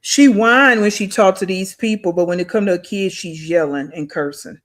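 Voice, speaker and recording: A woman's voice: mid-range voice, normal speed. A woman hosting a reaction channel, giving blunt, scornful, slangy commentary on a clip.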